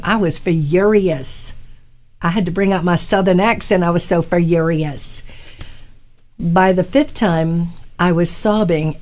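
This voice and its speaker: A woman's voice: fairly low pitch, dark tone. A woman hosting a live radio talk show as a hypnotherapist, giving earnest advice straight to her listeners.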